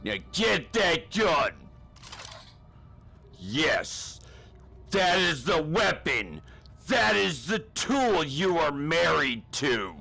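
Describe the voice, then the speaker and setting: A man playing a gruff, bullying male drill sergeant in a comedy spoof, barking crude insults at a recruit. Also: a little high, very animated, drawn-out words, long pauses, sharp tone, faint music behind, heavily acted.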